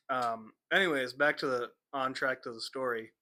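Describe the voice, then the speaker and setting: A young man co-hosting a podcast, telling funny stories in a casual, animated way and acting out the people he quotes. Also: medium pitch. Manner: animated, acts out quotes with laughter. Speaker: podcast co-host. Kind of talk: casual storytelling chat.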